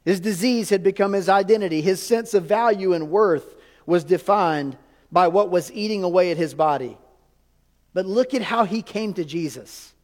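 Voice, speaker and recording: A man preaching a sermon in a church, animated and full of rhetorical questions to the congregation. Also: high voice, normal speed, in a large hall. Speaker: pastor. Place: church sanctuary.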